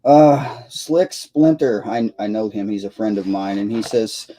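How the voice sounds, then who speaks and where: Tired guy rambling on his live stream, super dark mellow voice, lots of uh's. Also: fairly low pitch, a little slow, rough recording. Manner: rambling, self-deprecating, frequent fillers. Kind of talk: casual live stream chat.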